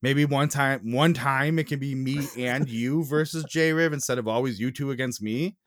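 Young man, podcast co-host, teasing, mock-indignant, mid pitch, dry sound. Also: steady tone, normal speed, a bit bright, dry recording. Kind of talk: casual chat.

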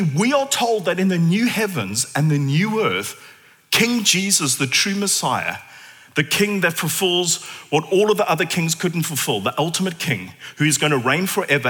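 Male preacher, high bright voice, theatrical sermon, long hall reverb. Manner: animated, theatrical, shifts to hushed intensity. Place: church.

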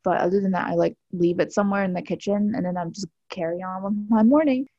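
A young woman from the southern United States who lives in Miami, co-hosting a podcast in an animated, teasing way. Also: mid-range voice, no echo, lo-fi sound. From southern United States, living in Miami. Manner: animated, quick to tease and laugh. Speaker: podcast co-host. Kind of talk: casual chat.

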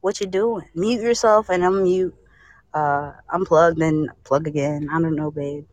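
A woman's voice: sits low, steady tone, measured pace, a little mellow, dry recording. A woman calling in to a live chat show, joking and profane, laughing as she talks. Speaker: caller. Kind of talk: casual phone-in chat.

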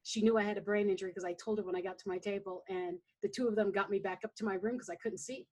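Breathy woman telling a lively story. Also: mid-range voice, fast talker. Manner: animated storyteller, acts out quotes. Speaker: coach guest. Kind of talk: casual conversation.

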